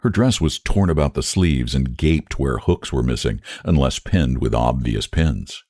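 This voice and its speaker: A man reading a classic short story aloud in a measured, expressive narrating voice. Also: rumbling low, husky, dry recording, studio quality.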